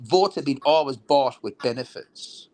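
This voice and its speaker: A man's voice: mid-range voice, expressive, measured pace, darkish tone, slight background noise. A man talking politics heatedly and bluntly, swearing and restarting his sentences often. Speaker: veteran political talk show guest.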